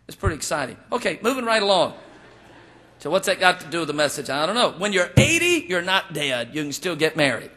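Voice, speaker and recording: Here a pastor's comic sermon unfolds through folksy, joke-filled tales, with him acting out each person he quotes. His high-leaning voice is very animated, brisk, bright and forceful.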